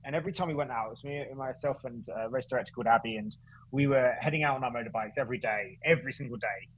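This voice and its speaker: A man, a guest on a podcast, telling a story in casual, animated chat with frequent restarts and self-corrections. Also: mid-range voice, very fast, poor audio. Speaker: guest, running events founder.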